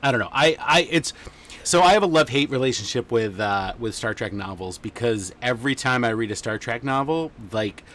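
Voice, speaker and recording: A man's voice: medium pitch, lively intonation, brisk, fairly bright tone. A man hosting a casual livestream chat, rambling along with lots of fillers. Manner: rambling and chatty, many fillers. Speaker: podcast host.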